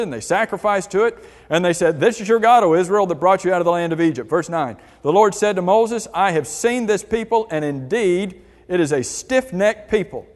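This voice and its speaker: A man whose voice is high-pitched runs a Bible class at church, asking the group questions and reading passages of scripture aloud. A long reverb makes his voice ring through the large hall.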